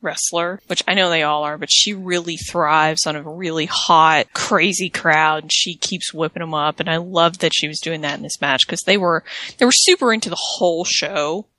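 A woman's voice: low voice, normal speed, sharp tone, no room sound. A woman co-hosting a casual podcast, talking in a chatty, enthusiastic way. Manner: chatty, enthusiastic, trails into repeated phrases. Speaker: podcast co-host. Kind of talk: casual chat.

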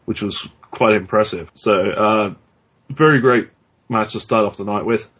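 A man's voice: fairly low pitch, a little slow, a bit bright, husky. A man co-hosting a podcast in casual chat, blunt and profane, rambling with restarts. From Australia. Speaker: podcast co-host. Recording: dull lo-fi recording.

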